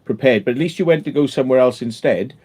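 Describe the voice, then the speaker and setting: Man, mid-range voice, halting and repeats himself, teasing banter. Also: mid-range voice, darkish tone, breathy edge. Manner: halting, repeats words, laughs along. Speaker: host. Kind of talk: casual chat.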